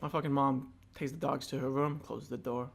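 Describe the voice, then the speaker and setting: A man's voice: medium pitch, little pitch movement, brisk, creaky. A young man co-hosting a casual podcast, rambling through stories with many fillers and frequent laughs. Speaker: podcast co-host. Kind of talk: casual chat.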